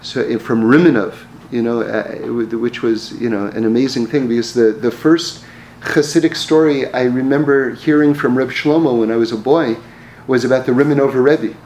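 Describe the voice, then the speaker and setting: A man's voice: medium pitch, steady tone, normal speed, hardly any pauses, a little mellow, a little hiss or hum. A man telling personal stories in a casual, rambling way, often restarting his words and chuckling. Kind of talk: casual storytelling talk. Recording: roomy echo, faint ambience.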